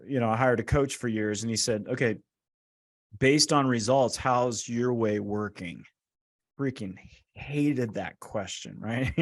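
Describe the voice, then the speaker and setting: A man talking as a guest author in an interview, telling stories casually and acting out the dialogue he quotes. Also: mid-range voice. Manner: animated, acts out quoted dialogue; casual, frequent "right?" and "like". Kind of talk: storytelling interview talk.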